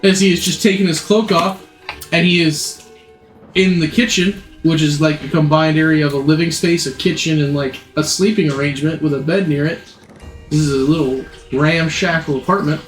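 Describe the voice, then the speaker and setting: A man's voice: a little high, fairly even intonation, moderate pace. A man narrating a tabletop game as game master, rambling, correcting himself and laughing. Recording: echoey room, faint music.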